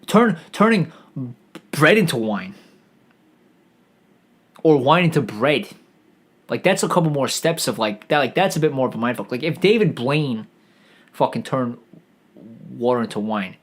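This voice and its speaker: A man streaming a rambling, profane comedic rant, full of stammered restarts and swearing. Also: medium pitch.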